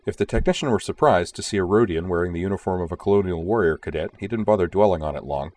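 Male narrator, very low voice, steady measured storytelling. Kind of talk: audiobook narration.

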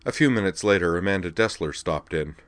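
A man reading a story aloud in an even, measured way. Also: deep voice, dry recording. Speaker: narrator. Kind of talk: audiobook narration.

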